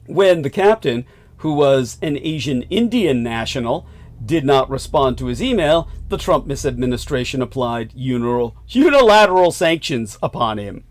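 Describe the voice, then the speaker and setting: A man's voice: medium pitch, sing-song, moderate pace. A male host delivering a long current-affairs monologue, emphatic, with sardonic asides and chuckles.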